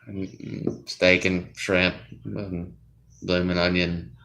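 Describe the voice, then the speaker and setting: A man's voice: low voice, flat delivery, drawn-out words, vocal fry, bright, forceful tone. A young man hosting a casual chat, rambling and hesitant, often trailing off mid-thought. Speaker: streamer host.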